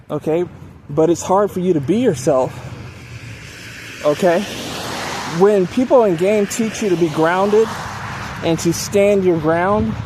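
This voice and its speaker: A man delivering a preachy advice monologue to his viewers, often pausing to ask "okay?". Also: high voice, noisy background. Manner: preachy, repeats "okay?" to check in. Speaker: dating advice channel host.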